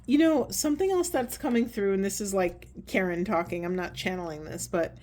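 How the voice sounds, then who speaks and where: A woman's voice: medium pitch, brisk. Earnest woman giving a card reading. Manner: soft, earnest, meandering with fillers. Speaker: oracle card reader. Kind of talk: spiritual card reading talk.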